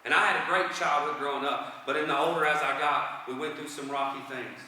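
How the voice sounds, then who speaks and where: A man preaching a sermon, earnest, repeating phrases and slowing down for emphasis. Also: a little high, steady tone, pushed and bright, a little hiss or hum. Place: church hall. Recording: echoey hall from far off.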